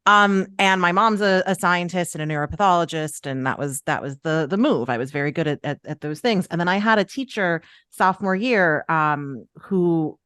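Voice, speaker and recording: A New York City woman in her thirties with a lowish voice tells her story in a loose, candid way. She circles back and restarts as she goes. The sound is dry and close. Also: normal speed, few pauses, a bit bright, clean tone, no room sound. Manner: candid, chatty, many fillers and restarts. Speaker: sports journalist guest. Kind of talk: casual interview chat.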